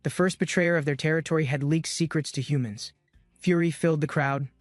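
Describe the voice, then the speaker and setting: A man's voice: on the high side, steady tone, a little fast, no echo, faint music behind. A man giving scripted, dramatic narration of a comic-book recap.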